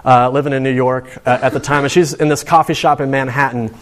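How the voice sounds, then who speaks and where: A man's voice: medium pitch, steady tone, brisk. Conversational male preacher. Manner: conversational, storytelling. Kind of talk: sermon to students.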